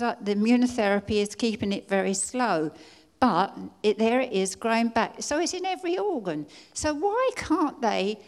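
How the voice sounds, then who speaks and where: An older woman from England giving an earnest personal testimony at a conference, pleading and halting now and then as she restarts her words. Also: on the high side. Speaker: conference speaker. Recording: long hall reverb.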